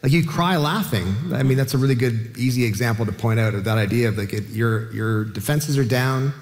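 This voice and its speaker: A man's voice: mid-range voice, a little fast, long reverb tail. A man from Canada, a comedian on a panel, thoughtful but jokey. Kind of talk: panel chat.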